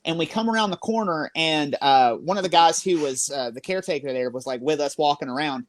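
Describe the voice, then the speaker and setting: A paranormal investigator telling an excited, rambling investigation story full of fillers. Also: medium pitch, brisk, dry recording.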